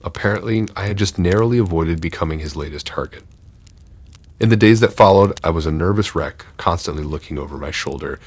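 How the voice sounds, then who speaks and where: Brief: male narrator for scripted horror stories, extremely low voice with a husky edge, measured and tense. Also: dry recording.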